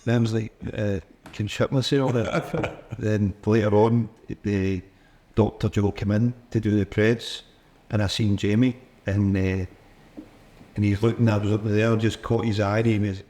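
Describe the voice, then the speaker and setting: A man's voice: lowish voice, little pitch movement, unhurried, warm tone. A man with a Scottish accent, a former footballer telling chatty anecdotes as a guest in a casual interview. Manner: chatty anecdotes with laughs and mimicry.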